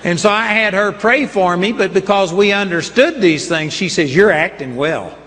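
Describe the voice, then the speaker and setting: Older male preacher, high voice, emphatic storytelling, long hall echo. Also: moderate pace, a bit bright. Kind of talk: sermon with personal stories.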